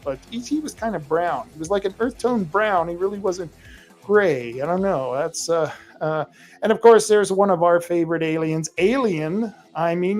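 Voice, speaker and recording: A male podcast host with a rural American accent speaks in a high voice with a darkish tone. He talks casually to listeners, rambling with lots of fillers and restarts.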